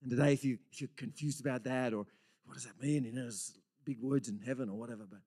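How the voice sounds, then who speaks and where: A man's voice: mid-range voice, fast. Male pastor, passionate sermon delivery, dips into whispers for effect. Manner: dramatic swings from loud exclamations to hushed whispers; earnest, excitable preaching with frequent repeated words.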